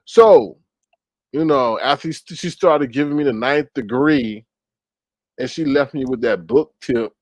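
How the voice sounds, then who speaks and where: A man's voice: mid-range voice, no echo. A man telling a story in casual commentary, gossipy, with dramatic exclamations. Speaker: commentary vlogger.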